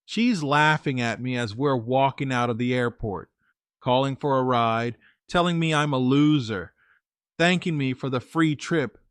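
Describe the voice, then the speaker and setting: A man's voice: mid-range voice, a little slow, clean tone, no echo, studio quality. A man hosting a story channel, narrating in the first person and then giving casual, plain-spoken advice. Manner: conversational, plain-spoken, with fillers and restarts.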